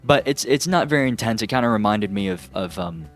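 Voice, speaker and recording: A man recapping a film in a casual, exasperated and sarcastic way, often pausing to ask "okay?". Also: lowish voice, lively intonation, loud music behind the voice. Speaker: movie reviewer.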